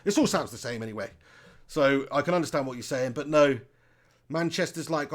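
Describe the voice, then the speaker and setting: A man's voice: mid-range voice, a little fast. Brief: man, live football stream host, casual jokey banter and running commentary. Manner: jokey banter, laughs often, reads chat aloud.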